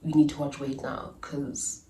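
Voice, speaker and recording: A young South African woman telling a story in a chatty, animated vlog style, with asides and laughs. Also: very deep voice, measured pace, far from the mic, a little hiss or hum. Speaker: YouTuber. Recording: echoey room, a little off-mic.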